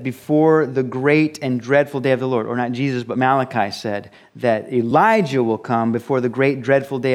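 A man preaching a conversational sermon, explaining scripture with rhetorical questions and acted-out quotes. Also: medium pitch. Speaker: pastor. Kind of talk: expository sermon.

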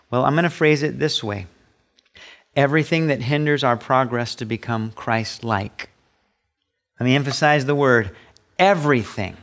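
A middle-aged man preaching a sermon as pastor, emphatic, rising high when he acts out voices. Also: vocal fry, a bit bright. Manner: emphatic preaching, pitch rising sharply on quoted asides.

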